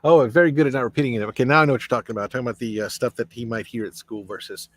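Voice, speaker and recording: Reading viewer comments aloud and answering them at a rapid-fire clip, a man hosts a casual live stream, rambling amiably with lots of fillers and restarts. His voice is medium-pitched with a steady tone, and there's no echo.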